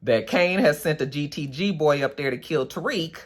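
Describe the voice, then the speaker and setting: Animated woman recapping a TV episode. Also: sits low, moderate pace. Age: adult, a mother. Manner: animated, profane, chatty with frequent "you know" and "okay". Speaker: TV episode reviewer.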